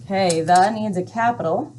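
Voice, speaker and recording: A woman explaining a first grade reading lesson to parents, speaking clearly and patiently, step by step. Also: medium pitch, normal speed, a little mellow, slight background noise.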